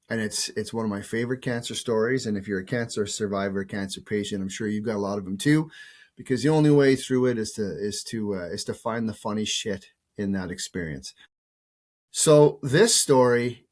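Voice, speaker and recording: A man in his fifties, a show host who is sick with a cold, telling a personal story in a casual, rambling way with restarts and the odd swear word. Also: fairly low pitch.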